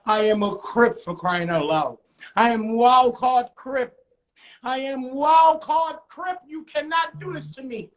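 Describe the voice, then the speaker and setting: A man voicing a desperate street gambler who pleads and shouts protests. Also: a little high, lively intonation, moderate pace, few pauses, distant mic, voice pushed down, close to an everyday voice. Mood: yelling. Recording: roomy echo.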